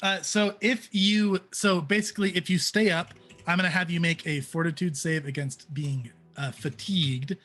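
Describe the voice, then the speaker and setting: Game master, man, fairly high voice, playful and easygoing. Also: fairly even intonation, normal speed, a bit bright, faint music behind. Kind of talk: narrating a tabletop game.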